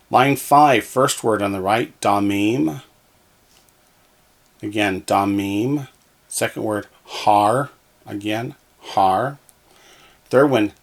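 A man's voice: on the low side, gravelly. A man teaching a language lesson, patiently saying each word twice so that listeners can repeat after him. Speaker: Hebrew teacher. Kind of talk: slow, deliberate language lesson.

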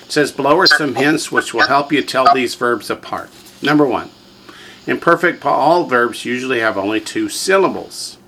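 A man's voice: mid-range voice, expressive, moderate pace, pushed and bright, poor audio. A man teaching a classroom lesson, drilling students with repetition and quiz questions. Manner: drills students, has them repeat words, quizzes them. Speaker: language teacher.

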